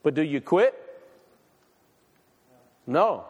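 A man delivers a sermon in a church hall, stopping often to put rhetorical questions to his listeners. He reads scripture aloud between those questions. His voice sits high, and it carries a long reverb through the room. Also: sing-song, extremely slow, darkish tone, husky. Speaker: preacher.

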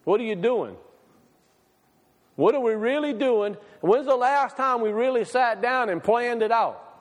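A man's voice: very high voice, lively intonation, measured pace. A man preaching a sermon in a church hall, firing rhetorical questions at the congregation and reading scripture aloud. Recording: long reverb in a hall.

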